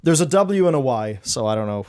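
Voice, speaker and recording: A man's voice: medium pitch, very animated, fairly quick, darkish tone. Hesitant man with a mid-range voice. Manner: hesitant, many fillers, jokey asides. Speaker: podcast host. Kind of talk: casual chat.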